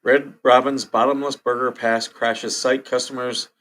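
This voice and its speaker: A man's voice: medium pitch, little pitch movement, measured pace, fairly bright tone. Chatty man hosting a casual livestream. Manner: chatty, laughs often, reacts to chat and news. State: hiccups. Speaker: livestream host. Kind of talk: casual livestream chat reading headlines.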